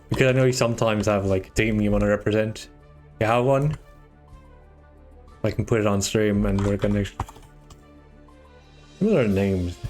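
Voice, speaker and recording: A man from Germany, chatting casually while commentating a live fighting-game tournament and handling its organization. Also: on the low side. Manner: chatty, restarts sentences, excitable on big plays.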